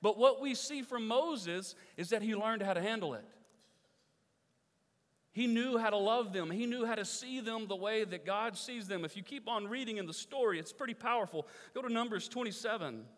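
Pastor guy preaching, earnest, keeps repeating lines and going soft to make a point, kinda high voice, big church echo. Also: normal speed. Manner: earnest preaching, repeats key phrases, drops soft for emphasis. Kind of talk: sermon. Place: church sanctuary. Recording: long reverb of a church hall.

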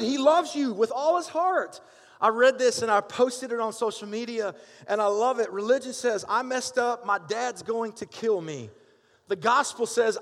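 High-voiced male pastor in echoing hall. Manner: lively and conversational, asks the crowd for amens. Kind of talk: sermon. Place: church sanctuary. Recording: long hall reverb.

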